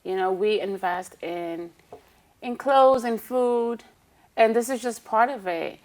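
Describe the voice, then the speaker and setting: A woman who is a licensed acupuncturist, a guest on a TV talk show, calmly explaining her practice. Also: on the high side, slow pace. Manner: calm, explanatory, with frequent "um" and "you know". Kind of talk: explaining in an interview.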